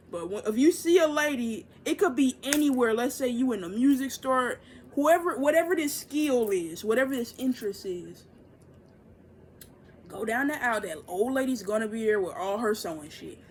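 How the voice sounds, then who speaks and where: A young woman giving a casual, profane oracle reading, loose and chatty, jumping into excited high bursts. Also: a little hiss or hum. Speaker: tarot and oracle reader.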